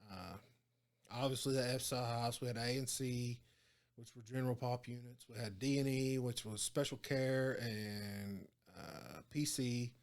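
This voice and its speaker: A man, a former prison guard telling stories in a casual interview, animated and full of cursing. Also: medium pitch, a little slow. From Oklahoma. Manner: profane, animated storytelling with quoted dialogue.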